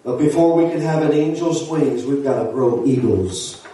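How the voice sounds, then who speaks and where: A man preaching a fiery sermon as pastor, building to shouts with folksy asides. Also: mid-range voice, normal speed, slight background noise. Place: church sanctuary. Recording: echoey hall from far off.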